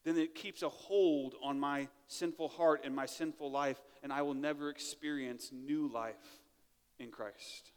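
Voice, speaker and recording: A man's voice: a little high, steady tone, measured pace, smooth. Man preaching in a reverberant church hall. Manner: conversational preaching, asks "right?" often. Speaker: pastor. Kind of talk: sermon. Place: church sanctuary.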